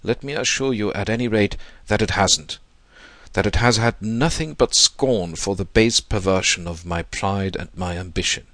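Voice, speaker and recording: Male reader doing a wounded, proud young gentleman, deep and formal, dry sound. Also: moderate pace, dry recording, natural voice. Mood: anguished. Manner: stiff, wounded, formal speech. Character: proud, bitter young man in anguish.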